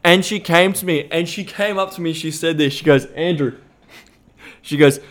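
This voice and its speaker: A man's voice: a little high, moderate pace, a bit bright. Rambling, profane Australian man. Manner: rambling, profane, many "like" fillers. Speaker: podcast host. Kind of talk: casual storytelling chat.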